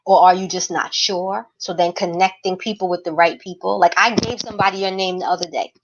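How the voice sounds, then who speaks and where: Animated woman telling her story. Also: fairly low pitch, a little fast, lo-fi sound, crowd noise. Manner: animated storyteller who acts out her own past remarks. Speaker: interview guest, activist. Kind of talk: casual conversation.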